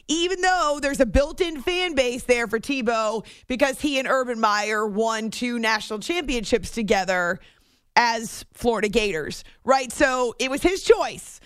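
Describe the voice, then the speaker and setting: A woman hosting a sports radio show, telling a story on air in a chatty, animated way that often breaks off mid-sentence. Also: a little high, no room sound, clean studio sound. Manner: chatty, animated, self-interrupting. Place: radio studio. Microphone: studio microphone.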